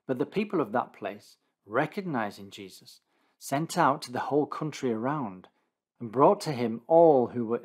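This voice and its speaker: A man narrating a condensed Bible reading in a steady, deliberate scripted style. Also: medium pitch, slightly rough.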